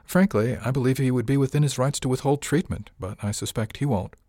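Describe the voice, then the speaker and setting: A man voicing a dignified, dry-witted older woman judge in an audiobook, speaking formally and measured. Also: mid-range voice, mellow, no room sound, pitched above the performer's own voice, natural voice. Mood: stern.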